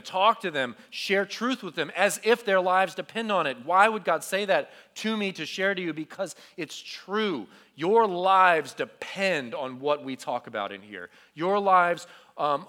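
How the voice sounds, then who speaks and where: A young man youth pastor delivers a sermon to junior high students, acting out his story with animated energy. His voice sits high and bright. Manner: animated storytelling, acts out quotes.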